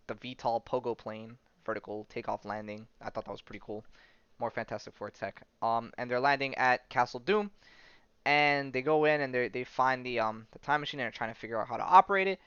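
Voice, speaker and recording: A man's voice: medium pitch, normal speed, a bit bright, clear, resonant tone, no echo, muffled recording. A man hosting a podcast, casually recapping a comic, chatty and full of "right?" and "like", often laughing. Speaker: podcast host.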